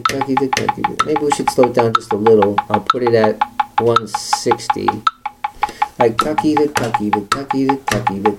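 A man giving a one-on-one rhythm lesson as a music teacher, patiently explaining and chanting counting syllables in steady beats. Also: medium pitch. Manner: patient, encouraging instruction. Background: loud instrument music playing.

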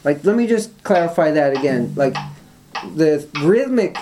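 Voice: mid-range voice, lively intonation, a little slow, noisy background. A music teacher explaining call and response during a guitar lesson, thinking aloud with restarts and fillers, with guitar playing in between.

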